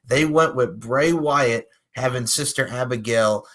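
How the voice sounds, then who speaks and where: A man from Long Island with a New York accent, co-hosting a casual wrestling podcast, animated and quick to laugh. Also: medium pitch. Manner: animated, laughs often, talks at length. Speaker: podcast co-host.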